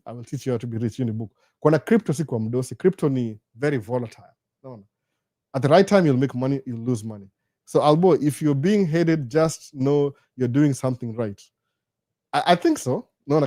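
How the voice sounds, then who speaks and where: A man with a Kenyan accent hosting a casual live Q&A, talking in a chatty, animated way with jokey asides. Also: mid-range voice, dry recording, studio quality. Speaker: live-stream host. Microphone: studio microphone.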